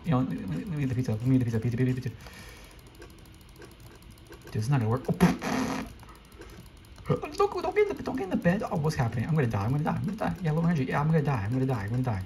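A young man giving live, excitable commentary while playing a video game, often repeating quick exclamations. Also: mid-range voice, background noise. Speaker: gameplay streamer.

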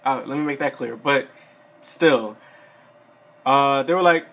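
A man's voice: medium pitch, a little slow, a bit bright. A young man with a mid-range voice talks loosely while seated, full of "like" and "uh" as he rambles through practical advice. His delivery is conversational and unscripted, like a friend walking you through what happened to him. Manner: rambling, filler-heavy, conversational. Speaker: Air Force enlistee giving advice. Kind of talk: casual advice vlog. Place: seated indoors.

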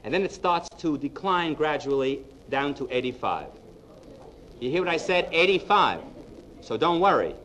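A man's voice: fairly high pitch, moderate pace, slight background noise, low-quality recording. A man giving a humorous lecture on psychology to a live audience, telling jokes and speaking to the audience directly. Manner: lively storyteller, punchline-driven, addresses the audience directly.

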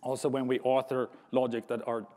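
A man's voice: medium pitch, little pitch movement, a little fast, warm tone. A man giving a conference talk, thoughtful with light humor, often restarting his sentences. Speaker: conference speaker. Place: large conference hall. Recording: reverberant conference hall.

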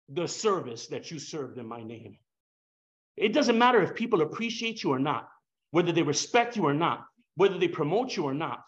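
Male preacher, high-pitched, fervent, casual slang, big swings in loudness; dull lo-fi recording. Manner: impassioned, swings between soft and loud, rhetorical questions, casual slang. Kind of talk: sermon.

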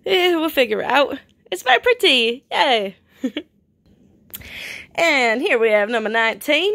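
A playful, chatty woman with a fairly high voice walks through clothes she is selling. She talks casually at home, now and then dropping to a soft whisper or trying out silly put-on accents. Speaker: online clothing reseller. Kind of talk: casual product showcase.

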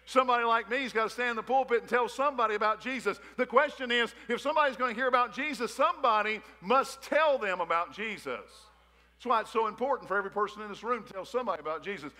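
A man's voice: extremely high pitch, lively intonation, quick pace, sharp tone. A pastor preaching a sermon in a folksy, joking way, calling out to the congregation, emotional in his delivery. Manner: folksy, joking preaching with crowd call-outs. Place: church hall, a former gymnasium. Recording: long church-hall reverb.

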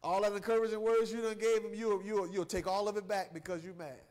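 A guest preacher who is also a church elder delivers a revival sermon in a fast, high, level voice with a slightly mellow quality. He's emphatic and repetitive, often repeating words, restarting sentences, and chuckling as the congregation calls back in response.

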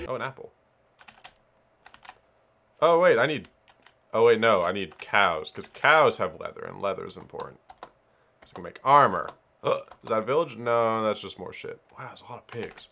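A man chatting through his gameplay, excitable and quick to swear. His voice is bright and sharp, with lively, wide swings of pitch. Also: creaky. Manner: excitable, swears, talks to himself. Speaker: let's player. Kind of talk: casual gameplay commentary.

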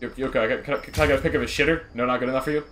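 A man's voice: mid-range voice, fairly even intonation, rapid-fire, a bit bright, slight background noise. A young man doing profane, nervous, jokey commentary while playing a horror game. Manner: profane, jittery, nervously joking. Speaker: gamer.

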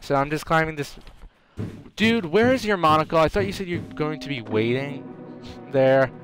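A man doing excitable let's play commentary, trash-talking the enemies in his game. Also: fairly high pitch, moderate pace, soft background music. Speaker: gamer.

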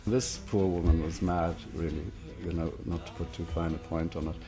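An Irish man being interviewed for a documentary, telling stories in a relaxed, easy way. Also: deep voice, moderate pace, music in the background. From Ireland. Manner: relaxed storyteller, easy laughs. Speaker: interviewee, musician. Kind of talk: documentary interview, anecdotal storytelling.

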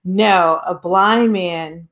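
A woman hosting a casual interview, chatty and quick to laugh. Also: on the low side. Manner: laughs often, relaxed and chatty. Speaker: show host.

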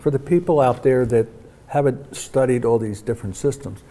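Guy hosting an interview, asks curious questions, nods along, warm low-key voice. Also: lively intonation, brisk. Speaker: show host. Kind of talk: conversational interview.

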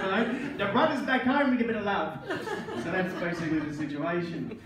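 A man's voice: high voice, normal speed, distant mic. An Australian man doing a crude stand-up set at an open mic, often laughing at his own jokes. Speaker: stand-up comedian. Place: small pub open mic stage, indoors. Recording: echoey pub room with crowd noise. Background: crowd laughter and chatter.

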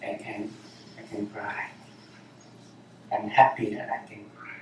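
A man with a fairly low, monotone voice speaks slowly, giving a dharma talk as a Zen teacher in short, repeated phrases and without hurry. The setting is a meditation center hall that echoes heavily, his voice far off, with slight background noise.

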